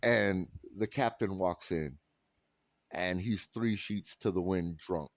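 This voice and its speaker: A man's voice: deep voice, takes it slowly, no echo. Laughing man telling a story. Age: 30s. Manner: animated anecdote telling, quoting others, laughs often; rambling with restarts and "like". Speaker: vlogger. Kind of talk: casual storytelling vlog.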